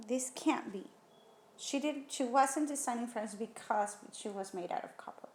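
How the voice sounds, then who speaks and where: Woman thinking aloud through a lesson. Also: on the high side. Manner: thinking aloud, rereading sentences slowly. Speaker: teacher. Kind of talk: recorded test-prep lesson. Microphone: tablet whiteboard screen recording.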